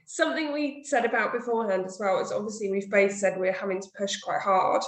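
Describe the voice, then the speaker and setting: A woman's voice: mid-range voice, fairly quick. A woman hosting a podcast, talking candidly and chattily, often quoting what she said to others. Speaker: podcast host, bodybuilder. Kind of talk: casual chat. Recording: roomy echo.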